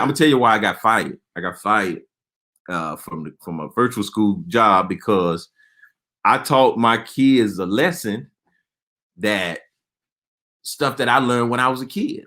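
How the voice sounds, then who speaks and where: A man's voice: mid-range voice, fairly bright tone. A man doing stand-up comedy, telling stories in an exasperated, punchy way with lots of repeated phrases.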